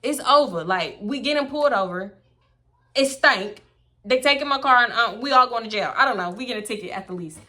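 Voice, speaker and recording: A young woman spills a personal story straight to camera, blunt and animated. Her voice sits high and sharp-edged, bright and forward, and she swears freely as she talks. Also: brisk. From Houston, Texas. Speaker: storytime vlogger. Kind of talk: casual storytelling.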